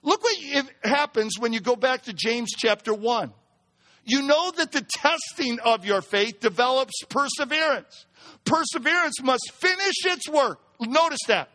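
A pastor preaching a sermon, building to emphatic near-shouts as he drives his points home. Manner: reads a poem in a hushed lower voice.

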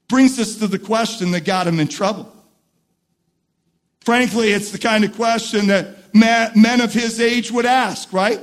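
A male pastor preaching a sermon who builds from quiet, reflective talk to repeated shouted emphasis. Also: high voice, unhurried.

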